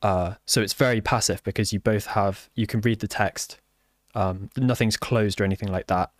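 A man who develops software, talking casually and haltingly with many fillers and restarts. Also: fairly low pitch, fairly even intonation, no room sound, studio quality. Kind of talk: casual conversation.

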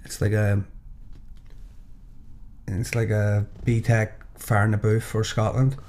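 A man's voice: fairly low pitch, level tone, slow, a little mellow, a little hiss or hum. A young man, chatting casually and laughing about rap rhymes. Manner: laughing, loose and swearing. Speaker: rapper. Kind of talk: casual chat.

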